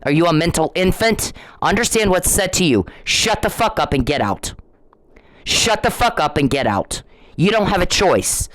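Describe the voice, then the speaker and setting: This ranting vlog monologue comes from a middle-aged woman who scolds someone directly, repeating herself and staying confrontational. Her voice is on the low side and sing-song, at normal speed. The recording has no echo but sounds rough.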